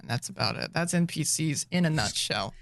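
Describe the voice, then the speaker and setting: Easygoing young man with a gravelly voice. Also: on the high side, lively intonation, a bit bright, dry recording. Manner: easygoing, teasing, quick to laugh. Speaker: podcast co-host. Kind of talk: casual chat about tabletop roleplaying.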